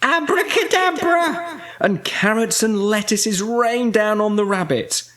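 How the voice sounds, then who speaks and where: A father reading a children's bedtime story aloud in an expressive storytelling manner. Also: high voice, a little slow.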